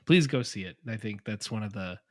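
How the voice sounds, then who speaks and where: A man's voice: fairly low pitch, lively intonation, a little fast, no room sound, clean studio sound. Agreeable male podcast co-host. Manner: agreeable, thoughtful, chimes in. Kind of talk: casual chat.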